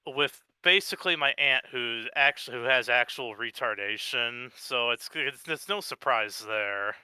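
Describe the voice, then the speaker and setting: A man in casual chat, rambling and halting with many fillers. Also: mid-range voice, pushed and bright, clean tone, dry recording.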